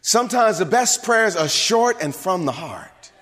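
A man preaching a sermon as bishop and pastor, swinging from hushed whispers to emphatic shouts. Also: high-pitched, sing-song, unhurried, big-room sound. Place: church sanctuary.

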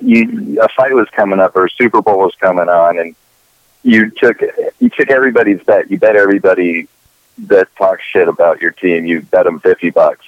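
A man's voice: low-pitched, dry recording, muffled recording. A man co-hosting a casual talk show, rambling and opinionated with lots of profanity. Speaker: podcast co-host. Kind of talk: casual chat.

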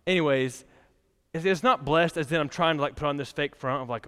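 A man's voice: a little high, a little fast, fairly bright tone, clean tone. A young man preaching a casual, conversational sermon in a church, chatty and laughing often, with many fillers. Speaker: pastor. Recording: long church hall reverb.

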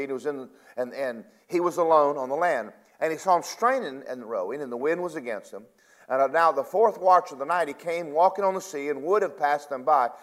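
A man preaching a sermon, retelling scripture in casual paraphrase, with emphatic loud bursts and quiet, drawn-out asides. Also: on the high side.

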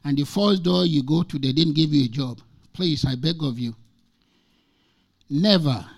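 A man's voice: fairly high pitch, unhurried, vocal fry. A man in his sixties from Nigeria, preaching as a guest speaker and telling stories from his own life. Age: 60s. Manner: emphatic, repeats scripture lines, tells personal stories. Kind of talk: sermon.

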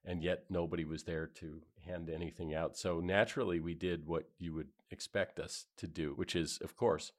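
A man's voice: deep voice, fairly even intonation, moderate pace, hardly any pauses. A man from Boston co-hosting a podcast, telling stories with a wry, joking manner. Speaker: podcast co-host. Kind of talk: casual chat.

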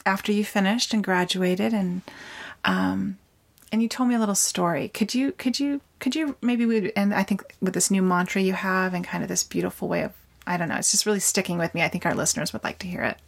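Creaky-voiced woman podcast host. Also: mid-range voice. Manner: warm, halting lead-in with fillers. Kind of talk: casual interview chat.

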